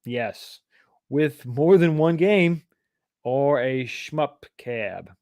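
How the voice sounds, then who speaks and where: A man's voice: mid-range voice, expressive, extremely slow, a little mellow, no room sound, studio quality. A man from East Texas, hosting a casual livestream and rambling as he reads viewer comments aloud and answers them. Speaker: livestream host.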